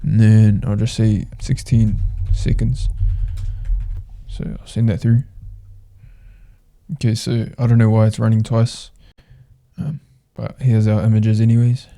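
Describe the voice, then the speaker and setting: A man with a low, gravelly voice walks through a software demo in an easygoing, offhand way. His delivery stays flat and even, with a dark, mellow tone. He thinks aloud as he types. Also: unhurried, pauses often. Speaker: tutorial host. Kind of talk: casual screen-recorded software walkthrough.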